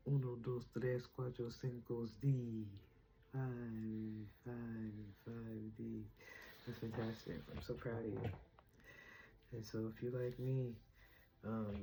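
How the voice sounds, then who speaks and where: A woman's voice: extremely low pitch, vocal fry, warm tone, a little hiss or hum, rough recording. A young adult woman vlogging about spirituality, emotional and close to tears, talking casually with slang. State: teary, on the verge of crying. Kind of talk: emotional spiritual vlog chat.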